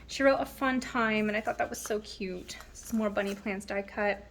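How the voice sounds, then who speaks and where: A woman in her thirties talks through her planner at home in a relaxed, rambling vlog style. She fills pauses with ums and restarts her sentences. A faint hiss sits under her mid-pitched voice. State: slightly out of breath. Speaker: planner vlogger. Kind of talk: casual show-and-tell vlog.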